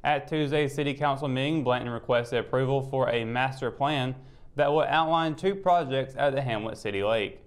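A male news anchor at a middle pitch reads local stories in a steady, measured way. The delivery stays even and matter-of-fact from one item to the next. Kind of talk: reading news.

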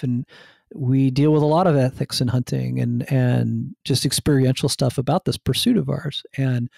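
A food writer and hunter from New Jersey appears as a guest on a podcast interview, rambling enthusiastically with many restarts. His medium-pitched voice is creaky and a little mellow, captured in a dry, studio-quality recording.

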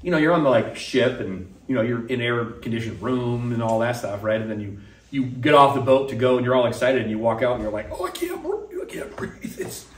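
A pastor preaches a casual sermon in a church sanctuary, speaking conversationally in a fairly quick, mid-range voice and acting out the voices he quotes. The mic sits at a distance, so the room sounds echoey.

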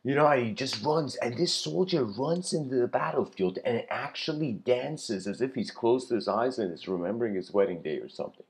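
A man giving a spoken lecture, telling a long story in a loose way, with many fillers and throat clearing. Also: mid-range voice, expressive, normal speed, few pauses. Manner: loose, full of "you know" fillers, frequent throat clearing.

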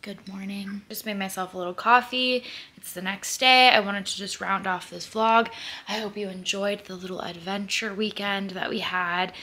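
A young woman chatting casually to camera in a vlog, with a chatty way of talking and soft, quiet asides. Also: medium pitch, steady tone, moderate pace. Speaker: vlogger.

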